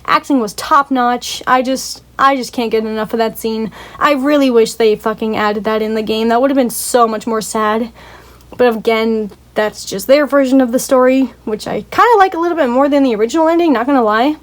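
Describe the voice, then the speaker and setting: A young woman with a slightly high voice talks through a story in a loose, rambling way. She fills her speech with "like" and curses freely. She sounds openly moved as she gushes over sad scenes. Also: a little fast. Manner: rambling, heavy on "like" and swearing; emotional, gushing. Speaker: video reviewer. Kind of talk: casual review, retelling a story.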